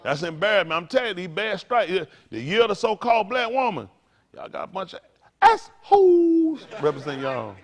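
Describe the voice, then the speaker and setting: An older man preaching to a congregation, in a folksy, playful way with sudden loud bursts. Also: sits high, sing-song, fast talker. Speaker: pastor.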